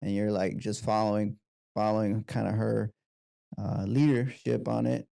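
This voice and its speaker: A man's voice: on the low side, flat delivery, moderate pace, vocal fry, no echo, studio quality. A man hosting an interview podcast who recaps his guest's story and asks encouraging questions. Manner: warm, encouraging, summarizing questions. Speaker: podcast host.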